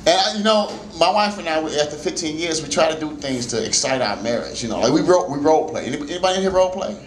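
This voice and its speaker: A man in his forties telling stand-up stories at an open mic in a small jazz club, laughing often and breaking into shouts. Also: a little high, animated, racing, reverberant, a little hiss or hum, rough recording. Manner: loose, laughing storytelling with shouted bursts. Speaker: stand-up comedian. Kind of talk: stand-up comedy set.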